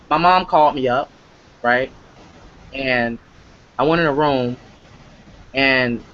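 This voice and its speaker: A man's voice: mid-range voice, sharp tone, highs cut off. A man hosting a live motivational webcast, talking emphatically and repeating himself, often checking in with "right?". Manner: emphatic, repetitive, tag questions. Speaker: webcast host.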